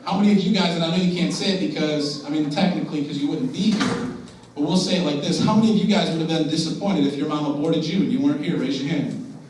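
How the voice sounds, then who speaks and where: At a school assembly, a young motivational speaker addresses students earnestly and directly, asking questions of the room. His voice is slightly high for a man, a little mellow and fast, recorded from a distance so it echoes heavily around the big hall over faint room noise.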